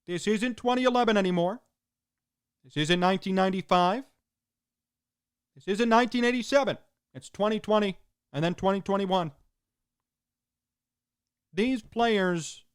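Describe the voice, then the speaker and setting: A man's voice: high-pitched, normal speed, long pauses, clear, resonant tone. A man hosting a sports talk show, delivering an emphatic opinion monologue in punchy, repeated short sentences.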